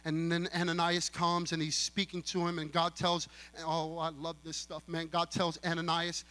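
A male guest pastor preaching to a youth convention, animated, acting out dialogue and talking straight to the crowd. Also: on the high side, normal speed, hardly any pauses. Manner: animated, acts out dialogue, talks straight to the audience. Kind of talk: sermon.

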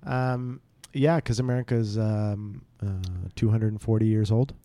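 A man's voice: fairly low pitch, fairly even intonation, a little slow, mellow, dry recording. Joking man co-hosting a podcast. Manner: joking, trails off and restarts, laughs often. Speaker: podcast co-host. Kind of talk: casual comedic chat.

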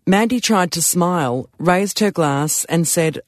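Male audiobook narrator, measured and even, slightly high voice, dry booth sound. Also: dry recording.

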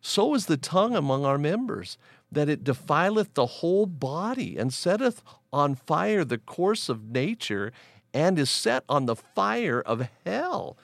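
A middle-aged pastor with a gravelly, creaky voice reads scripture in slow, deliberate King James cadence. His pitch rises and falls freely as he teaches, and he is recorded close on a dry studio mic. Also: big pitch swings, no echo. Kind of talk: Bible reading and teaching podcast talk.

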